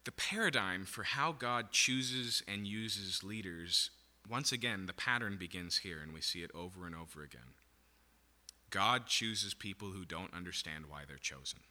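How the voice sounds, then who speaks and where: A man's voice: low-pitched, animated, moderate pace, pushed and bright, in a large hall. A man preaching a sermon, teaching through a Bible passage and checking in with the room with "okay?" and "right?". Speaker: pastor.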